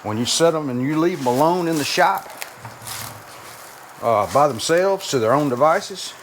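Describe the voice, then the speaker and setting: A man's voice: a little high, animated, moderate pace. Folksy man in a noisy garage. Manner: rambling, folksy, self-deprecating. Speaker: garage channel host. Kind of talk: casual workshop vlog narration. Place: home garage and driveway. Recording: noisy garage recording with clanking.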